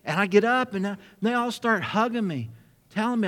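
A man preaching a sermon, telling a personal story with lively acted-out dialogue. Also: high-pitched, a little fast, in a large hall. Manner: animated storyteller acting out dialogue. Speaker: pastor.

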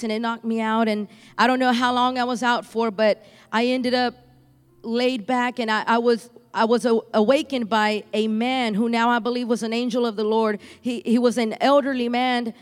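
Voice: medium pitch, flat delivery, moderate pace, smooth, in a large hall. Fervent preacher giving a church testimony. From Houston, Texas. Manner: fervent, repeats phrases for emphasis.

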